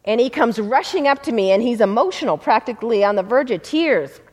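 A woman's voice: on the high side, animated, fairly quick, a little mellow. A woman, a civil rights lawyer, earnestly telling a story in a talk. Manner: earnest, vivid retelling.

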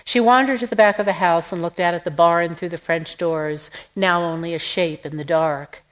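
A woman reading a literary novel aloud in an even, measured narration. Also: lowish voice, poor audio. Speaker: audiobook narrator. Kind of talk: scripted narration.

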